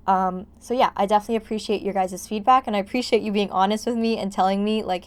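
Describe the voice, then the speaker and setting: A woman's voice: mid-range voice, fairly even intonation, fast talker, few pauses. A young woman gives a casual, rambling voice-over about her game build. She is out of breath and jittery from caffeine and fills her talk with "like". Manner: chatty, rambling, heavy use of "like". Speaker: gaming vlogger.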